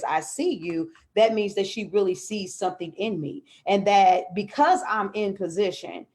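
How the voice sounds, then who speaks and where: A woman hosting a live podcast, talking in a fervent, preachy way and repeating words when she gets fired up. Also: mid-range voice. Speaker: podcast host. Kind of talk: live-streamed podcast talk. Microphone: live stream on a video call.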